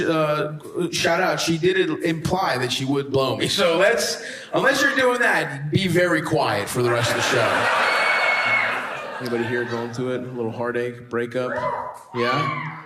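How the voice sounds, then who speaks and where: Loud, profane man doing crowd work. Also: on the high side, lively intonation, unhurried, heavy background noise. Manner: loud, profane, mocking banter with laughter. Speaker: stand-up comedian. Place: comedy club stage with audience. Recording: echoey live club recording with loud ambience. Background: audience laughter.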